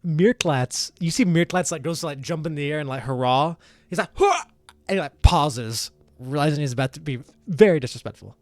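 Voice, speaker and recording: A man's voice: fairly high pitch, brisk, hardly any pauses, dry recording. Casual male game master, dry sound. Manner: casual, rambling, many fillers. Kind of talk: narrating a tabletop game.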